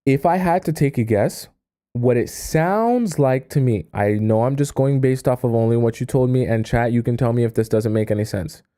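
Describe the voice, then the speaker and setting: A male dating coach on a live stream, with a mellow, warm-toned voice at an ordinary pitch. He reads a viewer's story aloud and breaks in with exasperated, incredulous asides and quick advice.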